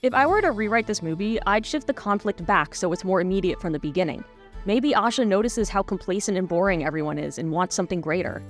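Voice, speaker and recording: A woman's voice: medium pitch, animated, quick pace, soft background music. Wry woman reading a video essay. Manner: analytical, wry. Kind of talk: scripted video essay narration.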